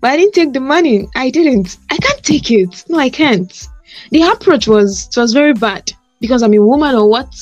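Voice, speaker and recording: High-pitched woman telling a story, really emphatic, dry muffled lo-fi sound, faint music behind. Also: normal speed, no room sound. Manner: animated storyteller, emphatic and insistent. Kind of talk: casual conversation.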